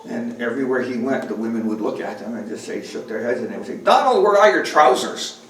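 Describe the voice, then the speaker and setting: A man's voice: medium pitch, steady tone, quick pace. A male folk musician chatting and joking with the audience between songs at a library concert. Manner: joking, chatty, teasing the crowd. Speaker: folk musician performing live. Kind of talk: stage banter with the audience. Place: library performance room, indoors. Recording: roomy hall, distant mic, guitar playing.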